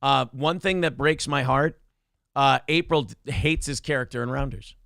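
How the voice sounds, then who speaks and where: A man's voice: mid-range voice, normal speed, gravelly, fairly bright tone, no echo, studio quality. A man hosting a morning talk show, chatting casually in a crude, rambling, jokey way. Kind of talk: casual comedic chat.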